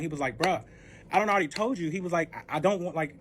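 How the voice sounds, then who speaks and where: A man with a high, light voice rattles through a casual storytime at a brisk clip. He swears freely, leans hard on filler words and plays out both sides of every exchange himself. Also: a little hiss or hum. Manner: profane, with heavy filler words; acts out both sides of the dialogue.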